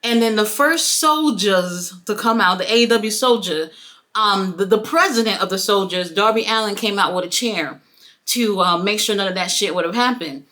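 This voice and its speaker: A woman's voice: mid-range voice, moderate pace. A woman giving a casual, profane wrestling review, acting out the quotes. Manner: animated, profane, acts out quotes.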